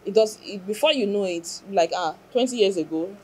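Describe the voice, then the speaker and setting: Mellow-voiced woman recounting hardship. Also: medium pitch, moderate pace, slightly rough, poor audio. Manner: earnest, reflective, religious. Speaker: interview guest. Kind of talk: emotional personal testimony.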